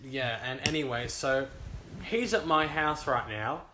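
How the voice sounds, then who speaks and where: A man's voice: medium pitch, measured pace, bright, forceful tone, slight background noise. A young man, co-hosting a casual podcast from his own lounge room, laid-back and teasing. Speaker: podcast co-host. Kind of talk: casual chat. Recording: echoey home room.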